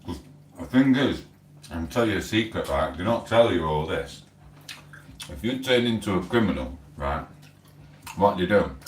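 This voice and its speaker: A man's voice: low voice, animated, moderate pace, far from the mic. A middle-aged English man hosting a casual livestream at home, chatting in a wandering way while he eats and reads chat aloud. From England. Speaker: livestream host. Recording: roomy sound, voice away from the mic.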